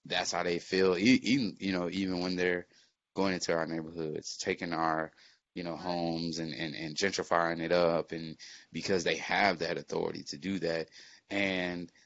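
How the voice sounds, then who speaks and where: A man's voice: low voice, level tone, normal speed, fairly bright tone, no echo. A man telling a story in casual, profane podcast chat, with lots of fillers and restarts. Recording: muffled lo-fi recording.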